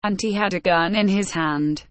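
A woman narrating a simple story in a measured, careful reading voice. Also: medium pitch, no echo. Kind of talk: slow graded-reader story narration.

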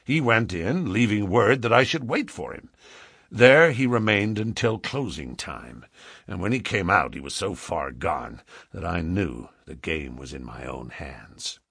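A man with a low, gravelly, husky voice tells the tale in first person, his pitch rising and falling expressively as he narrates. The sound is close and dry, with no room around it. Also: lively intonation, a little slow, fairly bright tone, no room sound. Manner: dramatic storytelling reading. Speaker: audiobook narrator. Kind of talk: scripted first-person narration of a classic novel.

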